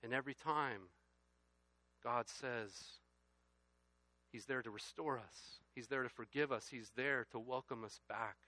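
Bright-voiced preacher building to loud emphasis. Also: male voice, mid-range voice, a little slow, pauses often, no room sound. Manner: builds from quiet to loud, emphatic reading of scripture. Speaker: pastor. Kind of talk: sermon.

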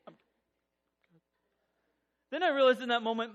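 High-voiced man telling a funny story. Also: moderate pace, long pauses, muffled recording. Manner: humorous, self-mocking; animated, acts out voices in his telling. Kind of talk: personal story told to an audience.

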